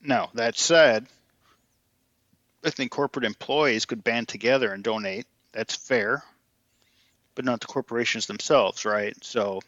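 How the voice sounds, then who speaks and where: Insistent man arguing with bright tone. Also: medium pitch, a little slow, long pauses, no room sound, dull audio. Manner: insistent, argues through analogies and rhetorical questions. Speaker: podcast co-host. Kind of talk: political debate chat.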